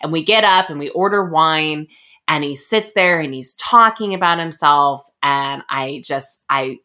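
Bright-voiced chatty young woman. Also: deep voice, measured pace. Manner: animated, chatty, many fillers. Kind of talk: casual storytelling chat.

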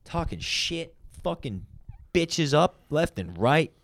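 A man's voice: on the high side, takes it slowly, no room sound. A man co-hosting a podcast, swapping crude, laid-back banter. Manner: profane, laid-back, lively. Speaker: podcast co-host.

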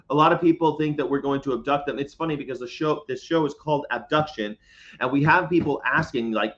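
Inside a parked box truck, a man with a mid-range, slightly bright voice hosts a casual vegan livestream, joking and meandering as he reads out and responds to viewer comments. He talks at a moderate pace with long pauses, and the audio sounds muffled.

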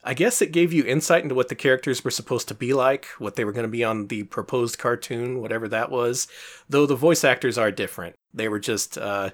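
Speaking a little fast at a medium pitch, a man co-hosts a laid-back retro gaming podcast. He explains things in a wry, chatty manner and laughs often.

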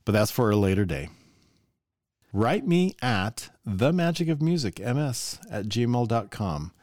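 A middle-aged man with a lively, swinging voice hosts a solo podcast. He talks in an enthusiastic teacher's way and keeps asking the listener questions. The sound is close and dry. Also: medium pitch, measured pace, no echo. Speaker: music teacher and podcast host.

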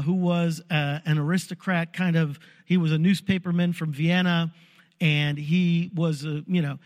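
A man delivers a sermon as an animated story, his voice pitched fairly high for a man. A long hall reverb trails behind his words. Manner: storytelling, animated, acts out crowd cries. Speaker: preacher.

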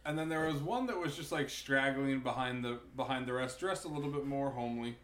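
A man's voice: medium pitch, brisk, a bit bright, roomy sound. A man telling teasing stories about a friend in casual chat, laughing often. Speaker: friend on a trip.

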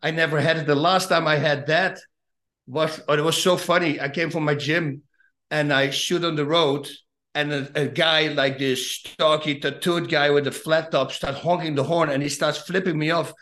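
A middle-aged man with a Dutch accent, a retired fighter telling lively stories as a guest and acting out the voices in them. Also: on the high side, normal speed. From Netherlands. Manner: animated, acts out voices in his anecdotes. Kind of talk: casual storytelling.

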